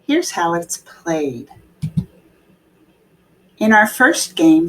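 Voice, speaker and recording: A woman's voice: medium pitch, big pitch swings, slow, long pauses. A woman music teacher giving an online classroom lesson, patiently explaining note values and chanting rhythm syllables for her students to echo. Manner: sings out rhythms, playful game calls.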